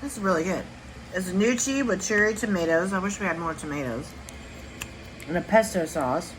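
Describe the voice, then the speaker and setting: A woman's voice: fairly low pitch, lively intonation, normal speed, poor audio. Lady chatting about dinner and what it cost, calls him sweetheart, faint hiss behind. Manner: chatty about food and prices, affectionate. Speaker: co-host. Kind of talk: casual home chat over a meal.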